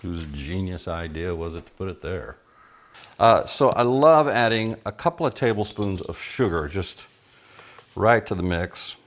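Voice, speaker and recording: Folksy, chatty man from Texas, fairly low voice. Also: lively intonation, a little slow, poor audio. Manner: folksy, chatty, joking asides to viewers. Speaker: home cooking vlogger. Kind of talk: casual cooking demonstration. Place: home kitchen. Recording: bacon sizzling and frying in the kitchen.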